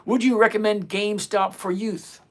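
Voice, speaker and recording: A man's voice: sits high, fairly even intonation, moderate pace, fairly bright tone. A man in his sixties hosting a live stream, reading chat questions aloud and answering in a blunt, dismissive way. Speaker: livestream host answering chat.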